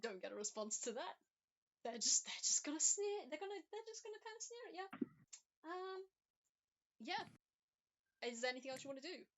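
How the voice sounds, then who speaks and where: Game master, woman, high and bright, lively chatty tabletop narration. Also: brisk, pauses often. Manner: animated, chatty, lots of ums.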